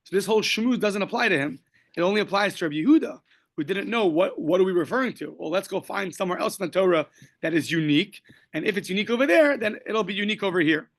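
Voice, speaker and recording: In a daily Talmud class, a man with a high voice and lively intonation speaks fast, explaining the text in stages and quoting Aramaic and Hebrew. His manner is casual, sprinkled with light jokes.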